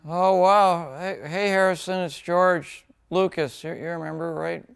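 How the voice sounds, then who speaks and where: A man doing a slow, gravelly veteran film producer. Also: high voice, steady tone. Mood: casual. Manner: slow, halting with "uh" fillers. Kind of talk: comedic impression sketch.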